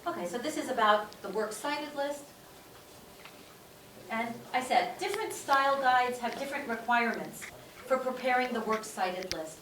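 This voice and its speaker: A woman's voice: a little high, lively intonation, normal speed, a bit bright. A woman teaching a class, repeating her points for emphasis and often checking in with "okay?". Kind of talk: classroom lecture. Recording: echoey room, distant mic, faint room noise.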